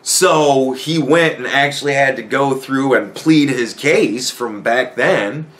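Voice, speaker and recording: A man hosting a podcast, telling a story in a casual, profane, animated rant and laughing often. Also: medium pitch, slow. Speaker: podcast host.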